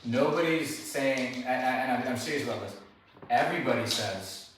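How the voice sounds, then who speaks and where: A man working as a dog trainer, talking through a live training session in a relaxed, explanatory way. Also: mid-range voice, normal speed. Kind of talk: hands-on training demonstration. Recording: very echoey room, distant mic, faint noise.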